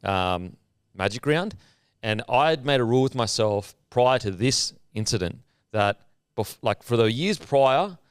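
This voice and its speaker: Laid-back bloke, smooth voice. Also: male voice, mid-range voice, animated, unhurried, no echo, studio quality. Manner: laid-back storyteller, swearing, laughing. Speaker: podcast co-host. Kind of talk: casual chat. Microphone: studio mic.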